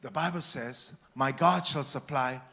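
A man preaching a sermon to a church, with rhetorical questions and dynamic swings from hushed words to shouting. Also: medium pitch, unhurried, creaky.

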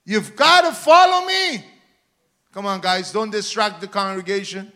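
A man preaching a sermon to a church, with rhetorical questions and dynamic swings from hushed words to shouting. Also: high voice, measured pace.

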